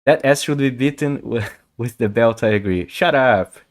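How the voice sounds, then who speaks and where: A man with a mid-range voice and moderate pace, a Portuguese speaker, casually chats with viewers during a chess stream. Stammers and repeated words come up often.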